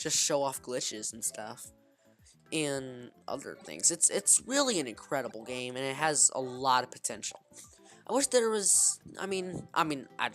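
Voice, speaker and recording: A woman giving casual, rambling gameplay commentary, restarting her sentences and calling out to "guys.". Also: very deep voice. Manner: rambling, frequent restarts, keeps saying "guys". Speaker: gaming video creator. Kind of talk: casual let's-play commentary.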